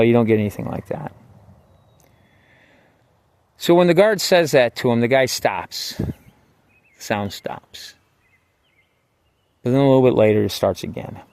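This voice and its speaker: A man with a fairly low voice tells a personal story in a loose, rambling way, swearing freely and padding his lines with filler words. His tone is wry, dropping to muttered asides and rising into heated bursts. The sound is dry and close, with no room around it. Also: gravelly, no room sound. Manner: rambling and profane, full of "like" and "you know"; wry, swings between quiet asides and heated outbursts. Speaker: storyteller recounting his own jail time. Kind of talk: casual spoken personal story.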